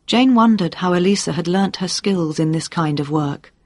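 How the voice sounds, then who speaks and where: A narrator reading a crime story aloud in a steady, even storytelling manner. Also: medium pitch, normal speed, hardly any pauses, no room sound, studio quality. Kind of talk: audiobook narration.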